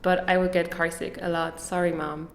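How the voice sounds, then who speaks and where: A woman's voice: lowish voice, little pitch movement, moderate pace, reverberant. A young woman from Switzerland, a podcast guest chatting casually and laughing often at herself. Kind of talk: casual interview chat.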